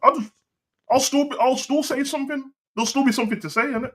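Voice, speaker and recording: A man chatting on a podcast in slangy, animated bursts with lots of repeats. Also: extremely high pitch, fast talker, breathy edge. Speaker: co-host. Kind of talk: casual podcast chat.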